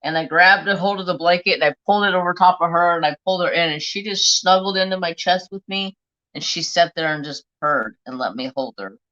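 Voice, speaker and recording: A man hosts a live craft stream in a bright, forward voice, chatting bluntly and swearing freely. The talk is loose and chatty. The audio is dull and lo-fi. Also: on the high side, a little fast. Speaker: craft livestream host. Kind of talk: casual live-stream chat.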